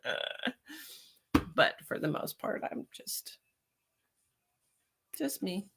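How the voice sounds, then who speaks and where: A woman's voice: medium pitch, sing-song, very slow, gravelly, noisy background. A woman giving live-stream tarot readings, chatting with viewers and calling them honey and darling. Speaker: tarot reader.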